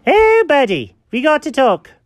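A man voicing an excitable, competitive male cat who talks in indignant bursts. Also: extremely high pitch, measured pace, no echo, studio quality, voice pushed up, heavily acted. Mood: excited.

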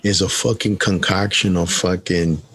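Deep husky man telling profane stories. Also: normal speed, no room sound. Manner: profane, animated storytelling, mimics other people. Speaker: podcast co-host. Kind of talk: casual chat.

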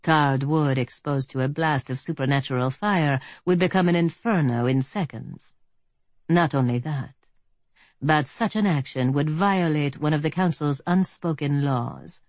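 A woman narrating a first-person fantasy audiobook in a measured, composed way. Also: low voice, a little mellow, breathy edge, no room sound.

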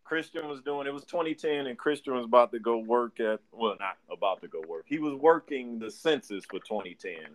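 A young man from Detroit telling a neighborhood story on a casual podcast. His pitch sits in a middle range, and he laughs often and acts out the other people's lines as he goes. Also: lively intonation, a little fast, few pauses. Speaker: podcast co-host.

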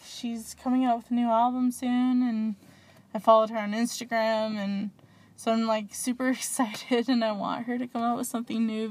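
A woman's voice: a little high, darkish tone. A woman hosting a small podcast, rambling and gushing in casual chat with lots of fillers. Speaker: podcast host.

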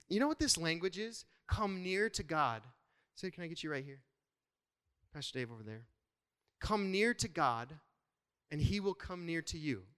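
A man preaching a sermon to his congregation as their pastor, in an animated, conversational way with playful asides. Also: fairly high pitch, normal speed, pauses often, clean tone, long reverb tail.

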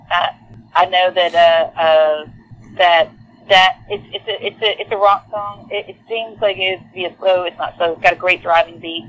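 A woman with a Southern accent from Texas, a lead singer chatting as a guest in a casual interview, animated and full of fillers and restarts. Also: lowish voice, muffled recording. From Texas, USA.

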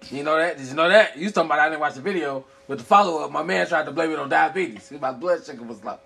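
A man in casual chat with quick banter, blunt and profane. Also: on the high side, vocal fry, sharp tone, husky.

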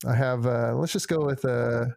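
A man's voice: mid-range voice, normal speed, vocal fry, darkish tone. A young man telling a long rambling story on a podcast, full of fillers and acted-out quotes. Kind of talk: casual chat.

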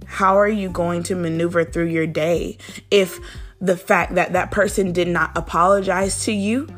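A woman's voice: fairly low pitch, steady tone, moderate pace, soft background music. A woman hosting a daily devotional, teaching in an earnest, conversational way and speaking straight to the listener. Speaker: devotional host.

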